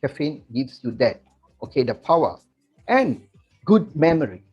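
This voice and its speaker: A man speaks, his voice a touch high and husky. He delivers an animated sales-style talk, leaning on "okay" between points. The recording is dull and muffled. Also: measured pace. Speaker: company distributor giving a product talk. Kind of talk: presentation talk to members.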